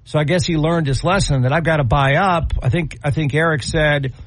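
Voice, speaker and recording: A man's voice: on the high side, fairly quick, dry recording. A man co-hosting a radio talk show, chatting casually with a wry, incredulous manner and acting out little scenes. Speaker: radio co-host.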